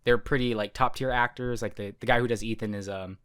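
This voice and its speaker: A man's voice: mid-range voice, fairly even intonation, fast talker, a bit bright, clean tone. Man, podcast co-host, casual chat, rambling, self-correcting.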